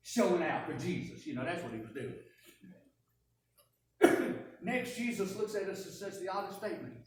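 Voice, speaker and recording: A woman preaching a first-person dramatic sermon, telling the story in an animated, wry way. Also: fairly low pitch, moderate pace, pauses often, a little hiss or hum. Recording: echoey church from a distance.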